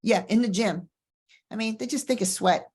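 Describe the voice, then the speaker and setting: A middle-aged woman who hosts a show as a divorce coach, talking in a candid, energetic casual way and repeating phrases for emphasis. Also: medium pitch, normal speed, slightly rough. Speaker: divorce coach and podcast host. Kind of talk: casual motivational talk.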